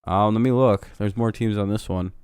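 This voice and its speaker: A man's voice: lowish voice, fairly even intonation, moderate pace, darkish tone, clean tone, no room sound, studio quality. Profane, argumentative man on a live stream. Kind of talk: casual chat during a game watch-along.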